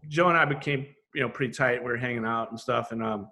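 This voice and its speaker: A man's voice: mid-range voice, fast. A middle-aged man, a graffiti artist guest on a podcast, telling stories in casual, profane chat and acting out the back-and-forth of conversations. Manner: animated, acts out quoted exchanges, swears casually.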